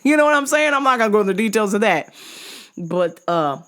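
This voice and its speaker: A woman from New Jersey tells a story in a casual vlog, with plenty of cursing. Her pitch sits in the middle but swings widely as she talks. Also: fairly quick. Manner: animated, profane, lively storytelling. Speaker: vlogger.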